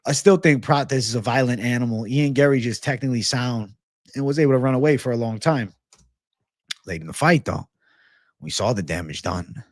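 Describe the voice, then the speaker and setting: A man's voice: medium pitch, expressive, moderate pace, dry recording, studio quality. A man hosting a livestream of fight picks and betting odds, brash and profane, thanking donors and urging likes. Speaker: MMA betting livestream host.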